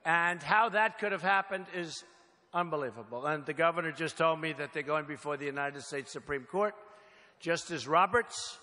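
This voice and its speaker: Older man, rally speech, bright forceful voice, high-pitched, big echoing hall. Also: moderate pace. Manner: repetitive, emphatic, speaks in short punchy phrases. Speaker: political candidate speaking at a rally. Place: large hall, crowd present. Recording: long hall reverb with faint noise.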